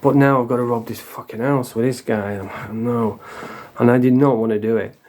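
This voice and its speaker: A man's voice: mid-range voice, steady tone, brisk, darkish tone, a little hiss or hum. A middle-aged man from England telling his own story in a blunt, sweary, confessional way. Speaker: vlogger. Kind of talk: casual storytelling.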